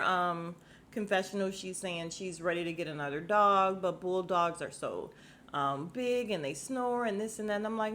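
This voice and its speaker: A chatty woman talks straight to her listeners from home, sassy and quick to laugh. Her voice sits at a middle pitch. A faint hum of household noise runs underneath her. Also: a bit bright. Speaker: podcast host recapping a reality show. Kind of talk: casual chat.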